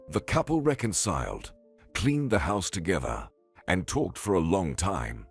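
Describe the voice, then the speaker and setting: A man narrating a dramatic story in a steady, scripted storytelling manner. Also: low voice, unhurried, slightly rough, faint music behind.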